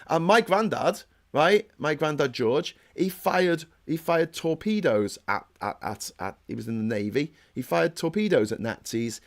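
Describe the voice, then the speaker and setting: A man's voice: on the high side, expressive, unhurried, few pauses. A man hosting a casual political commentary livestream. He rambles and restarts often, gets heated, and reads out viewer comments. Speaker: host.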